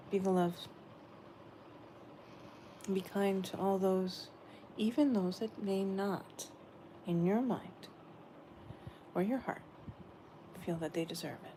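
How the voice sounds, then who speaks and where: A woman giving a gentle, meandering spiritual message she says she is channeling, often repeating her phrases. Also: medium pitch, a little hiss or hum.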